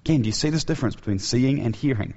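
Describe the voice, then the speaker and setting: A man's voice: medium pitch, very fast, darkish tone, husky. A man preaching an earnest sermon who asks his listeners rhetorical questions, in a dull, lo-fi recording.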